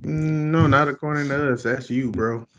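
A man's voice: on the high side, steady tone, a little slow, fairly bright tone, dull audio, slight background noise. A man in casual podcast chat, blunt and argumentative.

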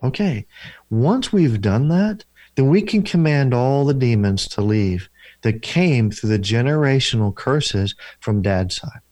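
A man's voice: mid-range voice, lively intonation, unhurried, a little mellow, no room sound. A man, a deliverance minister and counselor, telling stories in an interview in an earnest, repetitive preaching cadence. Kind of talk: interview storytelling.

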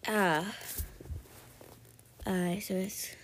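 A woman's voice: medium pitch, fairly even intonation, very slow, slight background noise. A woman co-hosting a podcast in casual chat, hesitant, often trailing off with fillers. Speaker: podcast co-host.

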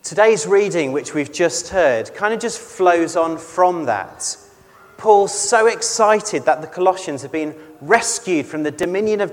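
A man preaching a conversational sermon in a measured way, often putting questions to the congregation. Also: a little high, in a large hall. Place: church.

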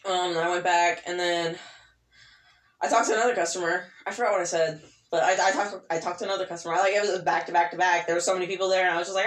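A woman's voice: fairly low pitch, steady tone, fast. A woman co-hosting a casual podcast, telling a long work story in a rambling way, swearing and laughing easily. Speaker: podcast co-host. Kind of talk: casual chat. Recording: echoey room.

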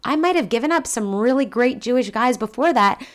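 A woman's voice: fairly high pitch, fairly quick. A woman in her forties chatting casually, telling personal stories and acting out the voices in them. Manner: animated storyteller, acts out quoted voices. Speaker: guest telling life stories. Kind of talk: casual chat. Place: indoors at a table.

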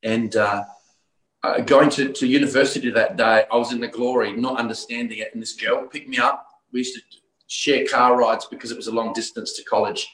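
A man's voice: mid-range voice, fairly even intonation, a bit bright. Australian man telling his faith story, roomy sound. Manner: earnest, halting restarts. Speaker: guest. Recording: roomy echo.

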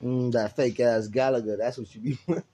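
A man's voice: mid-range voice, steady tone, moderate pace, dark tone, a little hiss or hum. A young man hosting a casual podcast, teasing and laughing often while swearing freely. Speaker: podcast host. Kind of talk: casual profane podcast chat.

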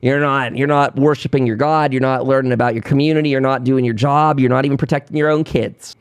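A man's voice: mid-range voice, fairly even intonation, a little fast, smooth, no room sound. A man hosting a podcast, giving a heated, sarcastic political monologue and putting on mocking voices when he quotes people. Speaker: podcast host.

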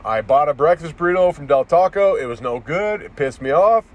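A man's voice: on the high side, expressive, fairly quick. A man ranting in a casual monologue as a vlogger, profane and rambling, restarting his sentences often.

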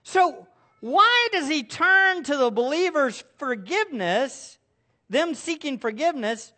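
A man's voice: very high voice, very animated, measured pace, bright, forceful tone. A middle-aged male pastor preaching a sermon, asking the congregation rhetorical questions.

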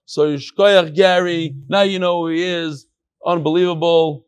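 A man with a high-pitched voice for his sex, exuberant as he leads a class and calls people to come up. His talk is full of Yiddish and Hebrew terms, and the sound is close and dry with little room echo. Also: fairly even intonation, measured pace, clean tone, some chatter behind. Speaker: Talmud class leader. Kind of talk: lively announcements before a live class.

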